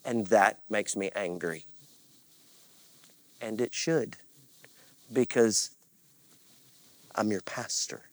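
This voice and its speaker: A man's voice: lowish voice, takes it slowly, long pauses, no room sound. A man preaching as a pastor, earnest and confessional, with repeated phrases and rising bursts of emphasis. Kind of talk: sermon.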